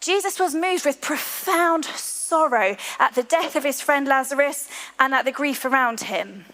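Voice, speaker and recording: A woman preaching a sermon to her church, earnest, slowing to a hushed voice on key lines. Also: high-pitched. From England. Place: large church hall. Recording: long hall reverb.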